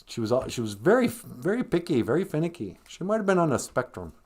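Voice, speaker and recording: A man hosting a podcast who retells a story in a jokey, rambling way, drifting into humming and side comments. His voice is lively, swinging freely up and down in pitch. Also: fast talker, husky. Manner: rambling, jokey, sing-song asides. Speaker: podcast host. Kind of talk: comedic storytelling.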